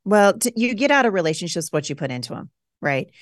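A woman in her forties speaking as a podcast guest in candid conversation, emphatic and animated, jumping high when she acts out her past self. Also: fast talker, no echo, clean studio sound.

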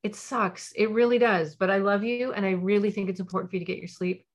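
A woman playing a mother who sets a phone rule for her teenager, with steady and caring delivery. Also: medium pitch, quick pace. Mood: calm. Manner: firm, then calm and soothing.

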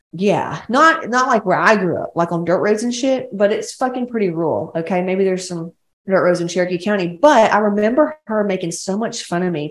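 A woman's voice: medium pitch, reverberant. A woman from West Georgia with a Southern accent hosting her own podcast, talking bluntly and rambling, with plenty of swearing. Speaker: podcast host, women's coach. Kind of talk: casual solo podcast monologue.

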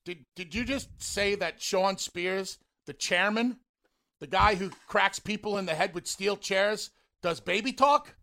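A man's voice: sits high, measured pace, creaky, pushed and bright. A man hosting a radio interview, playful and teasing, often stammering and restarting his questions. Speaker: radio show host. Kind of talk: casual interview.

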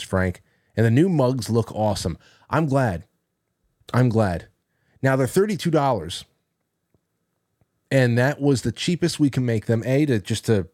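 A man's voice: fairly low pitch, darkish tone, no echo. A man hosting a radio show, casually reminiscing in a rambling, amused storytelling manner with frequent restarts, close to a studio mic.

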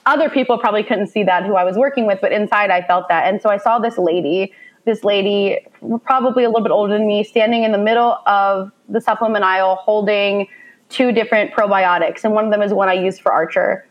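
A woman's voice: medium pitch, fairly quick, highs cut off. Woman, 30s, from Indiana, guest in an interview, earnest and emotional, livens up when acting out her own thoughts. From Indiana, USA. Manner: heartfelt, animated when quoting herself. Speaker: guest, mother of a child with special needs. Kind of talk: emotional personal storytelling in conversation.

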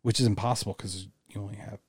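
A man co-hosting a casual podcast chat, jokey and quick to laugh, talking into a boom mic. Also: fairly even intonation, husky, dry recording, studio quality. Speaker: podcast co-host.

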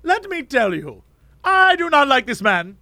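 A man's voice: extremely high pitch, big pitch swings, unhurried, sharp tone, slight background noise, pitched above the performer's own voice, full character voice. A man putting on the voice of an insistent male cab driver who lectures about conspiracies. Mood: lecturing.

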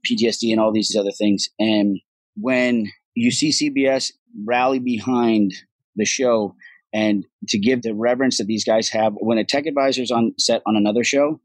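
Profane, animated man telling stories, husky. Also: medium pitch, dry recording, low-quality recording. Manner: profane, animated storyteller acting out quotes. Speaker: actor guest. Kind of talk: casual interview chat.

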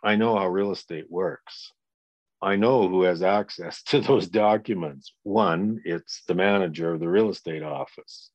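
A man in his sixties speaks candidly as a guest, blunt and sprinkled with swearing. His voice sits low, and the audio sounds dull and dry with no room around it. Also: measured pace, darkish tone, dry recording. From Canada. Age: 60s. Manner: blunt, profane, acts out quoted people in raised voices. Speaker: guest, victim's father. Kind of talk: candid interview.

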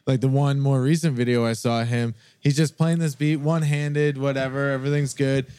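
A man's voice: mid-range voice, fairly even intonation, brisk, mellow, clear, resonant tone, no echo. Easygoing drummer in his thirties, man. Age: 30s. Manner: easygoing, agreeable, profane. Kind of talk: casual chat.

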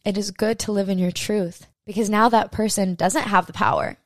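A woman's voice: medium pitch, fairly even intonation, normal speed, no echo, studio quality. A young woman hosting a podcast, telling a personal story while crying, emotional and swearing freely, acting out her own inner voices. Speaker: podcast host. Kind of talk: personal confessional monologue.

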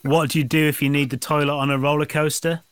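A man in his thirties, a podcast co-host, telling dad jokes casually and acting out the characters with high squeaky voices. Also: fast talker, clean tone, dry recording. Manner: animated, acts out joke voices with high squeaks. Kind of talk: casual dad-joke swapping.

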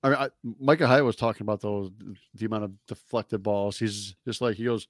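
A man's voice: on the low side, brisk, few pauses, no echo, clean studio sound. A man co-hosting a casual sports chat, easygoing and hesitant, often repeating his first words. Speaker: podcast co-host.

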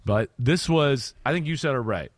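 A middle-aged man from New York breaking down football plays in a casual, animated way, sometimes shouting as he relives the action. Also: medium pitch, moderate pace, dry recording. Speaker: football analyst co-host. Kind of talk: casual sports film breakdown.

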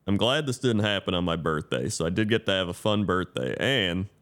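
Laid-back low-voiced man. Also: lively intonation, a little fast, fairly bright tone, clear, resonant tone. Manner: laid-back, brief reactions. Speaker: podcast co-host. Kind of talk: casual podcast chat.

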